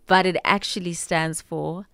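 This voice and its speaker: Slow-talking sassy South African woman. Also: fairly low pitch, fairly even intonation, creaky, sharp tone, dry recording, studio quality. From Soweto, South Africa. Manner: sassy, dismissive retorts. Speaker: radio co-host. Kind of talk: casual radio banter. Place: radio studio.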